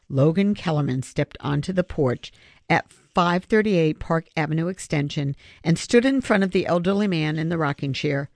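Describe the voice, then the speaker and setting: Audiobook narrator, steady storytelling, gravelly, dry booth. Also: medium pitch, moderate pace, dry recording.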